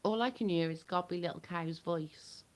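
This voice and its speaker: A woman's voice: on the low side, moderate pace. A woman chatting casually with viewers on a livestream from home. She is blunt and chatty, and she swears freely. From United Kingdom.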